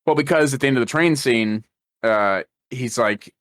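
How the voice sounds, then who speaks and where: A man's voice: mid-range voice, normal speed, fairly bright tone, no room sound, clean studio sound. A man co-hosting a podcast, retelling film scenes in casual chat, full of fillers and restarts. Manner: rambling, lots of fillers and restarts. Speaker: podcast co-host. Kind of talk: casual movie-recap chat.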